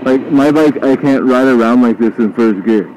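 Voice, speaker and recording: Young male motovlogger, mid-pitched, chatty and excited, helmet mic buried in loud wind and engine noise. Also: moderate pace. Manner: chatty, excited, joking asides. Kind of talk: casual motovlog commentary. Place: outdoors riding a motorcycle on streets. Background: motorcycle engine and traffic.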